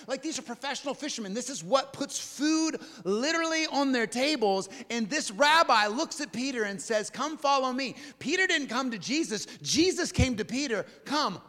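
A male preacher delivering a sermon in a dramatic way, swinging from emphatic lines to hushed ones. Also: very high-pitched, big-room sound.

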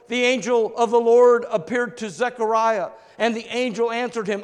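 A man preaching a sermon, shifting between loud emphatic lines and hushed low ones. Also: steady tone, normal speed. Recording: long reverb of a large hall.

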